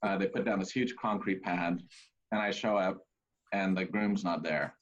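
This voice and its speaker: A man's voice: normal speed, lo-fi sound. A man, a pastor, telling a funny wedding story in casual chat, acting out the people in it. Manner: animated, acts out characters in high voices.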